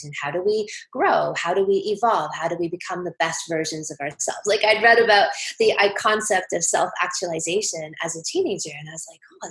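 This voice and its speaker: Woman sex coach, emphatic, confident, lowish voice, podcast guest. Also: poor audio. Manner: emphatic, confident, laughs often.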